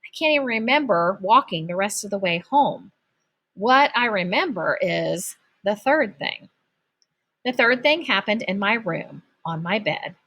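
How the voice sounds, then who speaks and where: Expressive woman reading a children's book. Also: medium pitch, husky. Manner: expressive storytelling. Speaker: audiobook narrator.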